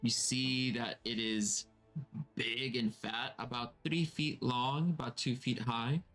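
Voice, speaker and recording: A man narrating as dungeon master for a tabletop game, describing scenes slowly with fillers. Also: mid-range voice, steady tone, fairly bright tone, faint music behind.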